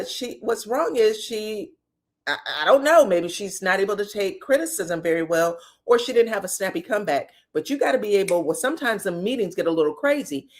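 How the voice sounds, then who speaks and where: A woman recapping reality show drama in casual chat, acting out the quotes with frank, profane energy. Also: mid-range voice.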